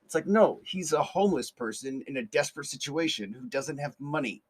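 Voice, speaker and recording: A man's voice: on the high side, animated, a little fast, husky. Rambling man telling a story. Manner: rambling, many fillers and restarts, profane. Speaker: podcast host. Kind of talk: casual storytelling monologue.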